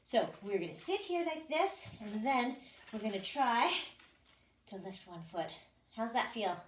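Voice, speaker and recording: A high-pitched woman coaching a workout, breezy and joking at her own expense as she counts down. She sounds a few steps from the mic in an echoey room, with a clear layer of noise behind her. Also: big pitch swings, a little slow, distant mic. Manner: chatty, self-mocking, counts down and cues moves. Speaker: fitness instructor. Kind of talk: leading a home workout.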